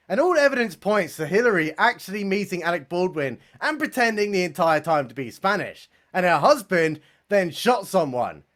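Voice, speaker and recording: Young guy roasting a comedy special, high voice, bouncy sarcastic delivery, swears a lot. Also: moderate pace, hardly any pauses. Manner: mocking, deadpan asides, swears casually. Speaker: comedy reviewer. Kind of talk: sarcastic review commentary.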